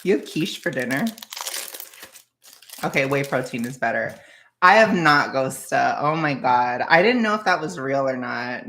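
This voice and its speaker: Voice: medium pitch, expressive, normal speed, fairly bright tone, slight background noise. An anxious, jittery streamer chatting casually with viewers in a rambling way and laughing often. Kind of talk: casual livestream chat with viewers.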